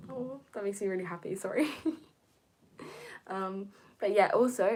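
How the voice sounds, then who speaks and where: A young woman chatting on a live stream and reading comments, rambling with lots of fillers, slipping into soft whispers and jumping high when excited. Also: breathy edge. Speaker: content creator.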